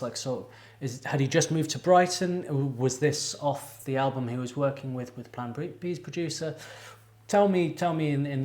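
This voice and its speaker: A man's voice: medium pitch, darkish tone. A man hosting a music reaction video, talking casually and digressively and speaking straight to his viewers. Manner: chatty, digressive, addresses viewers directly. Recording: echoey room.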